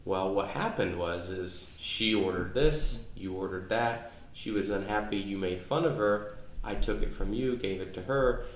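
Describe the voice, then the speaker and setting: Recorded in an echoey spot near his home with faint ambience and a little hiss or hum, this podcast co-host in his thirties chats casually about his family. His lowish voice keeps a measured pace as he rambles and restarts frequently.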